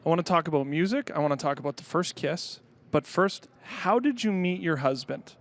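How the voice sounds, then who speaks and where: A man's voice: a little high, brisk. A man hosting an interview, asking playful, teasing questions. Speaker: interviewer host. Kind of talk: casual interview chat.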